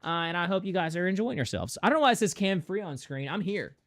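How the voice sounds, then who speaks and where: Animated man ranting on stream. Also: sits high, quick pace. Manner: animated, emphatic, jumps into mocking voices. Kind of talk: casual preachy rant on a gaming stream.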